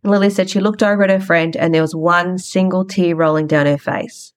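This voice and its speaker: A woman podcast host speaks a little fast with a fairly low pitch and a steady tone. Her casual storytelling monologue is frank and chatty, and she retells conversations along the way.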